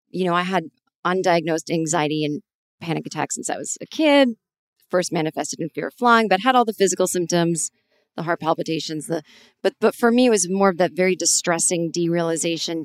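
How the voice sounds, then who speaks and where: Animated woman podcast host, dry sound. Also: on the low side, dry recording. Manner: rambling, animated storytelling with frequent restarts. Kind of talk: conversational interview.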